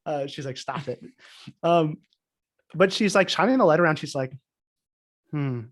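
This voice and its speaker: Guy on a podcast telling a story, kinda high voice, lots of "like". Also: a little fast. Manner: animated storytelling, many "like" fillers. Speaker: podcast co-host. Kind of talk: casual chat.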